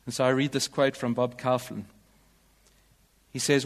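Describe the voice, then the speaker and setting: A man's voice: mid-range voice, little pitch movement, moderate pace, pauses often, big-room sound. A male pastor delivering a sermon in a church, in an earnest, emphatic way.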